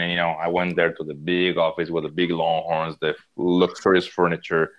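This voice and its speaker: A man's voice: sits low, flat delivery, moderate pace, highs cut off. A man who is a guest in a casual chat, reminiscing and acting out quotes in his stories.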